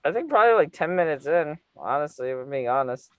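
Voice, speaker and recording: A man's voice: fairly high pitch, big pitch swings, fast, fairly bright tone, clear, resonant tone, no echo, low-quality recording. A man from Los Angeles hosting a casual chat, blunt and joking, who swears freely. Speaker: interviewer, channel host.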